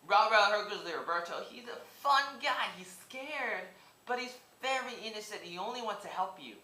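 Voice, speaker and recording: A man's voice: sits high, expressive, moderate pace, sharp tone. A man in his twenties rambling casually to camera in a vlog, stammering and repeating words as he goes. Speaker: vlogger. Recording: roomy echoey room.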